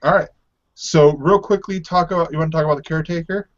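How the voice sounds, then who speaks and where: Easygoing male co-host, slightly high voice, fumbling with fillers, muffled audio. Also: quick pace. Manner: hesitant, many ums, easygoing, laughs often. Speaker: podcast co-host. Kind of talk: casual chat about TV. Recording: dull lo-fi sound.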